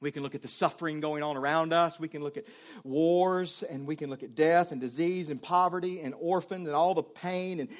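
A male preacher giving a sermon, dropping to a hushed voice and then rising to raised, pleading cries. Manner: swings between hushed low passages and raised pleading cries.

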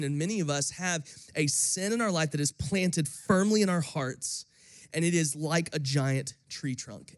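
A man's voice: a little high, no room sound. A young man from Florida, a pastor, giving a sermon that opens with a casual story told with many fillers.

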